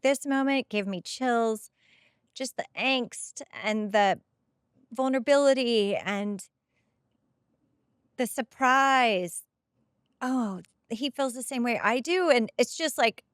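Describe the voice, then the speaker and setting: A middle-aged woman podcast host gushes emotionally into a headset mic while giving casual rewatch commentary on a show episode. Her voice is a little high and fairly bright, recorded dry with clean studio sound.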